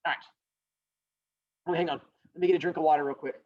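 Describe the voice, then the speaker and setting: A male teacher telling a fable to his class, rambling and joking in an animated way over a video call. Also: a little high, quick pace, dull audio, slight background noise. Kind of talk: storytelling lesson.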